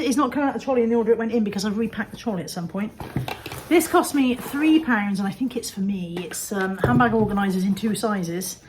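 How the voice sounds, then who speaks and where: A woman's voice: on the high side, darkish tone, a little hiss or hum, poor audio. A woman from England showing off her second-hand finds in a chatty, jokey, rambling way. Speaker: vlogger showing resale finds. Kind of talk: casual chat.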